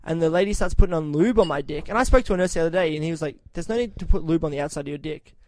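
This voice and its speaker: A man's voice: a little high, very fast, slight background noise. Profane, storytelling man on a podcast. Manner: profane, animated anecdotes with quoted voices. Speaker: podcast host. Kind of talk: casual storytelling chat.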